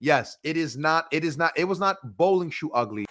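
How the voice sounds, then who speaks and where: Excitable man with a bright voice. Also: fairly high pitch, fairly quick. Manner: excitable, restarts and quotes himself. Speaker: podcast co-host. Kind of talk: casual wrestling chat.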